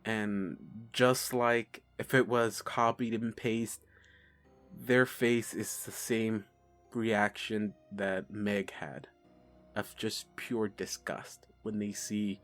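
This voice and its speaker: Slow-talking male game master. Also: on the low side, level tone, a bit bright, faint music behind. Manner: unhurried, halting narration. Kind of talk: narrating a tabletop game.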